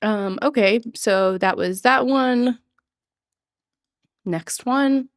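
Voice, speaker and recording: A woman streaming casually to her chat, chatty and giggly, sometimes mimicking a quoted line in a higher voice. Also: drawn-out words, no room sound, clean studio sound. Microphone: desk microphone.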